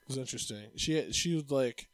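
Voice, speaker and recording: A man's voice: medium pitch, no echo, low-quality recording. A man hosting a casual chat, playful and always joking. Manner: joking, playful, quick with bits. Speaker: host.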